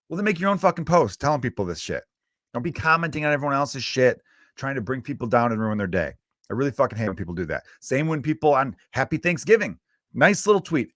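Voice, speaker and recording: A man's voice: mid-range voice, sing-song, quick pace, fairly bright tone, no echo, clean studio sound. A man hosting his own comedy podcast, ranting casually in a profane, exasperated, rambling way.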